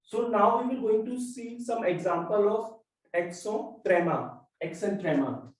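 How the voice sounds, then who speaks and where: A man teaching a French class, explaining slowly and repeating each example word. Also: high-pitched. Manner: slow, repetitive explaining with drawn-out example words. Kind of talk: classroom lesson. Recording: echoey classroom, far from mic.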